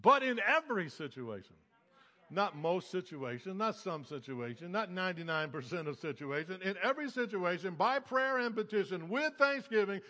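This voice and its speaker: High, bright-voiced preaching pastor. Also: male voice, animated, normal speed, long reverb tail. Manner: emphatic preaching with repetition. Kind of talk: sermon.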